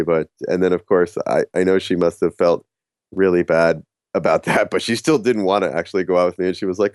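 A middle-aged man telling a casual personal story about courage, halting with frequent restarts and laughing at himself. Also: sits low, a little mellow, no echo, studio quality. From New Jersey. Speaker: speaker on courage.

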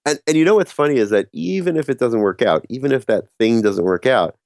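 A middle-aged man telling a casual personal story about courage, halting with frequent restarts and laughing at himself. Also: medium pitch, animated, darkish tone, no echo, clean studio sound. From New Jersey. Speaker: speaker on courage.

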